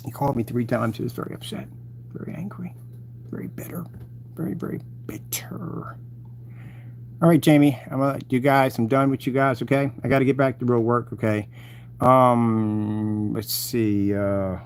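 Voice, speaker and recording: A man's voice: mid-range voice, steady tone, normal speed, a little mellow, slight background noise. A man hosting his channel, mocking and taunting his rivals in a rambling live-stream rant.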